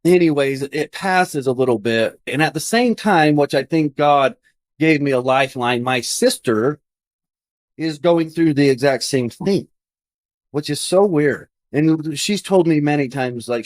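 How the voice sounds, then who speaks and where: A man's voice: on the high side, measured pace, dry recording. A man in his thirties, a podcast guest, earnestly telling a personal story in conversation and acting out his own past thoughts.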